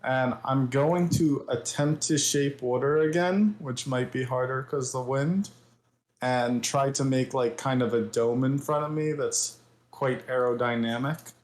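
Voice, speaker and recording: A man's voice: medium pitch, steady tone, a little slow. A man playing a tabletop game, hesitantly laying out his plans in careful detail. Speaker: player. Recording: roomy echo.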